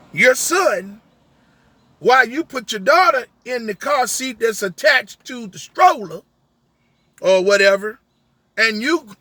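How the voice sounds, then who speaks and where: A man's voice: extremely high pitch, bright, forceful tone, slightly rough, dry recording. A man, a rideshare driver, telling a story as an emphatic rant, acting out an argument through many quoted lines.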